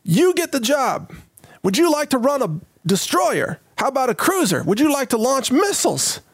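A man doing a shrill barking navy officer. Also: big pitch swings, normal speed, no echo, clean studio sound, exaggerated voice. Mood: barking scorn. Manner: barking, insulting. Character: gruff male navy officer, mocking and bullying.

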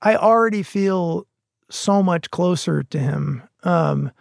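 A middle-aged man talking in a casual podcast conversation, earnest and halting, with frequent restarts. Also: sits high, creaky, no room sound, clean studio sound. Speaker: podcast guest.

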